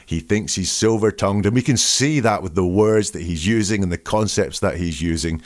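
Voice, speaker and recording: Lowish man doing analytical commentary. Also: normal speed, few pauses. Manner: emphatic, dissecting phrases word by word. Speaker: host analysing language.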